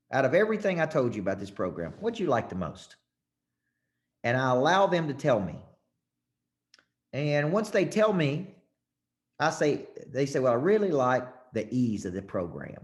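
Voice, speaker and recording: A man coaching a live audience on sales closes, folksy and emphatic, acting out scripted lines with shifting tone. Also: mid-range voice.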